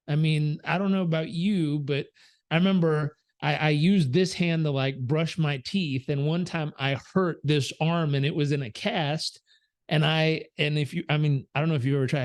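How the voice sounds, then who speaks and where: Animated storytelling man, slightly high voice. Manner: animated, acts out quoted voices, many fillers. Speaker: guest, performance coach. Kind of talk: conversational storytelling.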